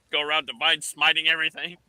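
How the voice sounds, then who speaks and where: Bright-voiced man, chuckling. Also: fairly high pitch, flat delivery, moderate pace, clear, resonant tone, no echo, rough recording. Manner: laughs between sentences. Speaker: tabletop game player. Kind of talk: casual gaming chat.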